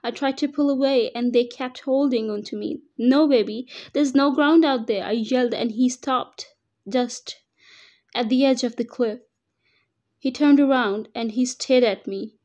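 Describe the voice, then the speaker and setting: Female narrator for emotional first-person fiction; slow, warm, slightly high voice. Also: dull audio. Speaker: story reader. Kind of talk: dramatic reading of fan fiction.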